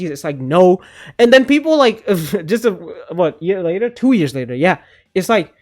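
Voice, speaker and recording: A young man giving casual opinion commentary on games, rambling and animated, often cutting himself off mid-sentence. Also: sits high, moderate pace. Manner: rambling, animated, self-interrupting. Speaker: gaming video creator.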